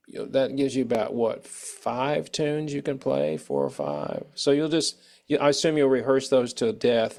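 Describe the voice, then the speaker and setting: An American man hosts a relaxed interview in a mid-range voice. He rambles and slips into quoting other people as he talks. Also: medium pitch. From United States. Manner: rambling, acts out quoted people. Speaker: show host. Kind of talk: casual interview chat.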